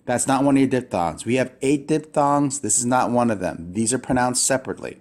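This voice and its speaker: A man's voice: mid-range voice, a little fast, a little mellow. A man teaching a recorded lesson on Greek syllable rules, explaining patiently with frequent fillers and restarts. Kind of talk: recorded classroom lecture.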